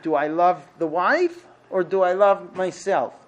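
A man with a high-pitched voice gives a lecture to a class on marriage. He speaks with emphasis and presses his points with rhetorical questions. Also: measured pace.

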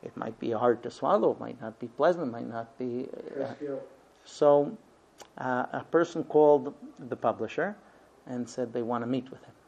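A man's voice: mid-range voice, moderate pace, gravelly, darkish tone. A man giving a Torah lesson, telling a story with many ums and uhs. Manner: hesitant, frequent ums and uhs. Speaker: Torah teacher. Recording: dull lo-fi recording.

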